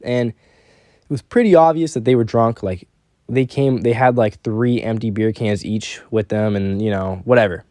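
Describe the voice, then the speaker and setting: A young man casually telling a personal story, animated and quoting the people in it. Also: on the low side, normal speed, dry recording, studio quality.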